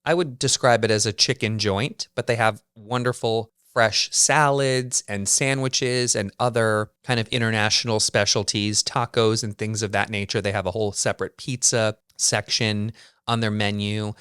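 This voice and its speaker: A man's voice: fairly low pitch, steady tone, moderate pace, fairly bright tone, clear, resonant tone, no room sound, clean studio sound. A man hosting his own podcast, telling a story in a chatty, wry way with lots of casual fillers. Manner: chatty and wry, heavy use of "like". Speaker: podcast host.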